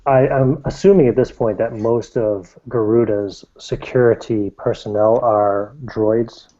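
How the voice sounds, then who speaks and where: Low mellow-voiced tabletop player. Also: male voice, fairly even intonation, measured pace. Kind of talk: in-character tabletop play. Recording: dull lo-fi sound.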